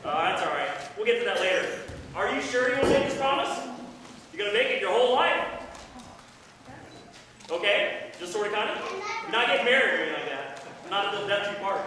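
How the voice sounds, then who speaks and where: A man's voice: high-pitched, big pitch swings, a little fast, pauses often, noisy background. A man playing a rowdy backwoods bobcat mountain man at a scout ceremony, hammy and teasing, recorded from far off in an echoey hall. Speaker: costumed ceremony character.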